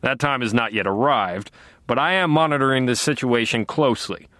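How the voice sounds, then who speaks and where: A man's voice: medium pitch, brisk, a bit bright, no echo, studio quality, lightly acted. A male audiobook narrator voicing a commanding middle-aged police captain who talks in a curt, barking way. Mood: stern.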